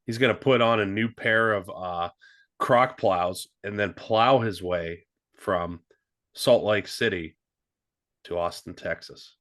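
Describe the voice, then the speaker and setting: A man's voice: low voice, measured pace, fairly bright tone. A man co-hosting a comedic sports podcast, laid-back, laughing often and making dry asides. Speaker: podcast co-host.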